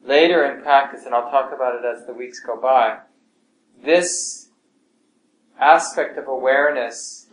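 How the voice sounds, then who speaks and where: Soft-spoken man teaching meditation, echoey room. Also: a little slow. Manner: calm, gentle, often dropping to a soft low voice. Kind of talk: relaxed meditation class talk. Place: class room with students. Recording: echoey room, faint ambience.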